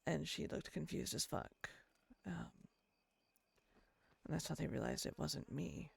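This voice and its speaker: A woman's voice: deep voice, measured pace, gravelly, slightly rough, dry recording. A woman chatting in character during a roleplay game, telling a long story that rambles and is full of swearing. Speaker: roleplayer voicing her character.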